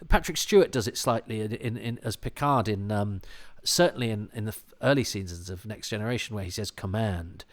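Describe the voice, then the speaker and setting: A man's voice: on the low side, fairly quick, hardly any pauses. A British man chatting casually on a podcast, full of false starts and repeated words, with chuckling asides. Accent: British English. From Britain. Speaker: podcast commentator. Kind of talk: casual chat.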